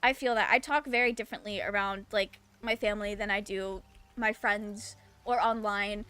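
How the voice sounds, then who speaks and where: A woman's voice: mid-range voice, fairly even intonation, normal speed, sharp tone, smooth. A woman with a Southern US accent, chatting casually and giggling while streaming a game. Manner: giggly, chatty, lots of fillers. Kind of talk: casual chat while gaming.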